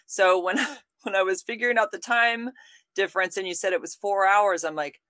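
A woman's voice: mid-range voice, steady tone, moderate pace, bright, forceful tone, dry recording. A woman hosting a podcast, talking in a casual, effusive and chatty way with her guest. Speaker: podcast host. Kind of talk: casual interview chat.

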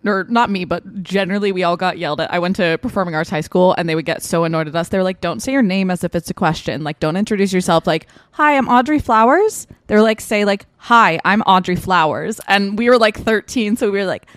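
A woman's voice: lowish voice, fast, hardly any pauses, no echo, clean studio sound. A woman in her twenties co-hosting a podcast, telling stories in a chatty, casual way and swearing freely. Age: 20s. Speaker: podcast co-host. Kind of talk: casual chat.

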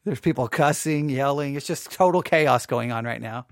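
A man hosting a Bible podcast, chatting casually and restarting his sentences, then reading scripture slowly and solemnly. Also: mid-range voice, dry recording. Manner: chatty and self-interrupting, reads scripture in a slow solemn cadence. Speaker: podcast host and Bible teacher. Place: small home studio.

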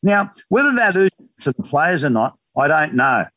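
A man's voice: on the high side, normal speed, no echo. A man in his fifties with an Australian accent, chatting casually as a guest and telling stories with slang and laughter. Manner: animated storyteller, slangy and laughing. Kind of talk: casual radio chat.

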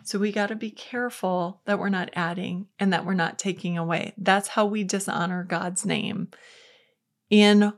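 A woman's voice: mid-range voice, steady tone, normal speed. A woman hosting a faith podcast, giving an earnest, conversational Bible teaching with quotes acted out. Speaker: podcast host.

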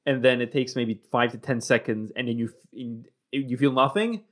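A young man chatting as a guest, his English loose and rambling, punctuated by curses and easy laughter. His voice sits at a plain middle pitch for a man. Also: fairly even intonation, normal speed, a bit bright. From Romania. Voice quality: swears and laughs often while rambling. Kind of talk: casual chat.

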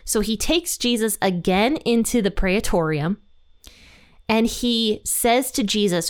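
A woman's voice: mid-range voice, lively intonation, slow. Woman teaching scripture casually. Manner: conversational, paraphrases scripture in everyday words. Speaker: Bible teacher. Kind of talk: casual Bible study teaching.

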